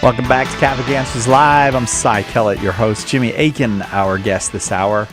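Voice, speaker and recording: A man hosting a live radio call-in show, friendly and quick to laugh at his own slips. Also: mid-range voice, music in the background. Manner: lively, self-deprecating, quick to apologize.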